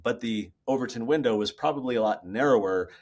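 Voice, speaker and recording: A man speaking as a guest over a laptop video call from his office, explaining ideas in an animated, storytelling way. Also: medium pitch, fairly quick. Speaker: guest author. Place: home office.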